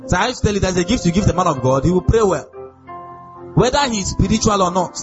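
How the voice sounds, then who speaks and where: Male pastor, high voice, emphatic sermon, dull recording with music behind. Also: lively intonation, fast. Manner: emphatic, asks the congregation questions.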